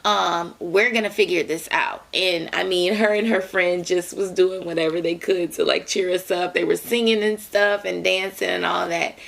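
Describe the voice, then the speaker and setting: A young adult woman vlogger telling a story casually, in an animated way with lots of fillers and repeated words. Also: fairly low pitch, normal speed, vocal fry, hardly any pauses.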